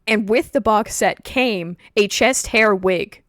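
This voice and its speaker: A woman's voice: medium pitch, slow, dry recording, studio quality. A woman hosting a livestream, chatting casually and telling stories with lots of laughter. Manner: laughs often, animated storytelling. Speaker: streamer host.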